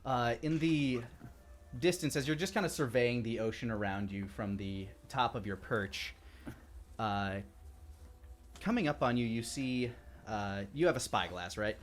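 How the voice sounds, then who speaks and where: A man's voice: medium pitch, a little slow, soft background music. A man narrating a tabletop pirate game as game master, loose and hesitant with many fillers.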